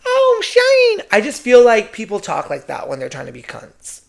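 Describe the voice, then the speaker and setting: A prissy busybody wags a finger in a piercing falsetto, as a man mocks them. The voice is sneering and sing-song, with gravelly edges. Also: wildly swooping pitch, moderate pace, heavily acted. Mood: mocking. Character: shrill mocking busybody scolding him.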